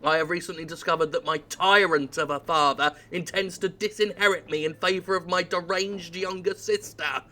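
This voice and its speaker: A man's voice: sits high, fairly even intonation, normal speed, hardly any pauses, sharp tone. A man reading as a smug scheming heir. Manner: dry reading with a slight sinister air.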